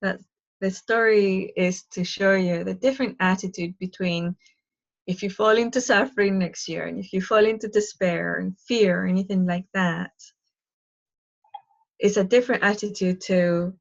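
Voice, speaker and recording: A woman giving a live spiritual talk, chatty and expressive, telling a story and sharing advice with listeners on a call. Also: medium pitch, moderate pace, creaky, lo-fi sound. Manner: chatty and expressive, acting out quoted voices. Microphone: live online call.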